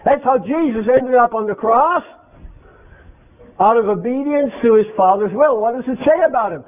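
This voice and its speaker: A man's voice: very high-pitched, expressive, moderate pace. A man preaching an interactive sermon, speaking emphatically and quizzing his congregation with questions. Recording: tinny phone-like lo-fi recording.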